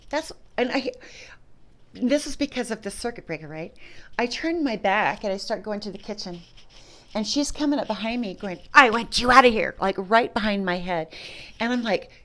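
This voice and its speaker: A middle-aged woman being interviewed, recalling a personal story in a halting way, with frequent restarts and fillers. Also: medium pitch. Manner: halting, full of restarts and "you know". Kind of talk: personal recollection.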